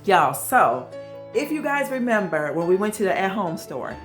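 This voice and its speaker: A woman's voice: mid-range voice, very animated, moderate pace. Home vlogger, woman, chatty, keeps saying y'all, phone camera in an echoey room, faint music behind. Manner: chatty, addresses viewers as y'all. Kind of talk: casual home vlog chat. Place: home kitchen, indoors. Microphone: handheld phone camera.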